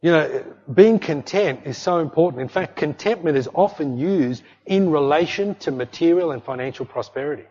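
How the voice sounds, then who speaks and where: A man's voice: on the high side, expressive, normal speed, few pauses, dark tone. A middle-aged man preaching a sermon as pastor, emphatic and repetitive, often calling out "hey" to the congregation. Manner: emphatic preaching with repeated "hey" and "don't fret". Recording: long hall reverb, dull lo-fi sound.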